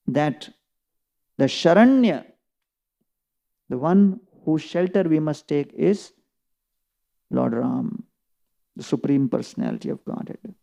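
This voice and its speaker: Sex: male. Role: preacher giving a scripture class. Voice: high, gravelly. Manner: storytelling, animated retelling. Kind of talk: scripture lecture.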